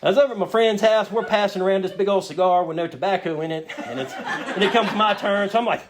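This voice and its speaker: A man with a voice that sits high talks at a quick pace, telling a humorous personal story at a recovery meeting and acting out what he said in a raised voice. The room's background is noisy, with laughter from the live audience.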